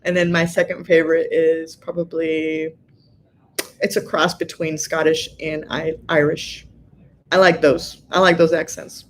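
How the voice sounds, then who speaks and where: A middle-aged woman from Southern California hosting a live stream, chatting casually as she reads viewer comments, laughing often and filling pauses with lots of ums. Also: low-pitched, little pitch movement, a little hiss or hum.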